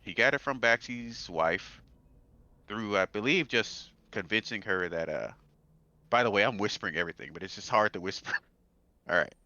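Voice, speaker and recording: Man, tabletop player, hesitant recap; bright, dry sound. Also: lowish voice, animated, moderate pace, no echo, muffled recording. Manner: rambling, hesitant, many fillers. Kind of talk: casual in-character recap.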